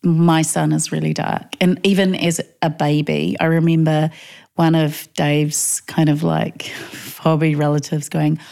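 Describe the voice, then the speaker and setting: Kiwi lady in an interview, candid, does the voices when quoting people, bit low pitched. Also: a little slow, creaky. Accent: New Zealand. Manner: candid, animated quoting, laughs often. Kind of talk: casual personal storytelling.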